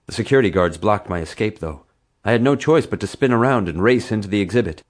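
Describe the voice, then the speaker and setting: A man's voice: fairly low pitch, lively intonation, fast talker. A man narrating a children's adventure audiobook in a dry storytelling manner. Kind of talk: scripted narration.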